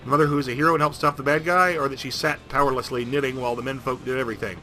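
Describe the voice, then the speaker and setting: Fast, bright-voiced jokey gamer man. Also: mid-range voice. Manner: animated, jokey, rambling. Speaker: game streamer. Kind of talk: comedic let's-play narration.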